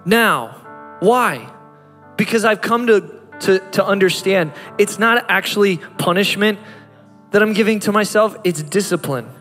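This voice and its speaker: A man's voice: sits high, animated, unhurried, a bit bright. A man in his thirties, a pastor preaching a sermon with impassioned delivery that climbs to fervent peaks. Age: 30s. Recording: reverberant hall with music behind.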